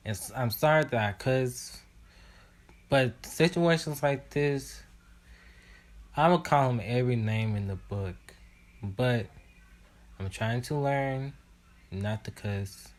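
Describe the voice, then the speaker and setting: Slow-talking man reacting indignantly. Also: medium pitch. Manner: indignant, talking back at the screen with many "like"s. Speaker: reaction video host. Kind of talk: casual reaction commentary.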